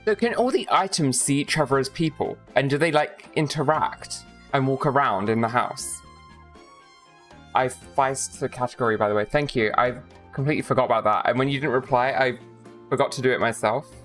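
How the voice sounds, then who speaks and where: A streamer from Minnesota giving casual, rambling commentary while playing a game, swearing often and tossing in quick asides. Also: mid-range voice, a bit bright, faint music behind.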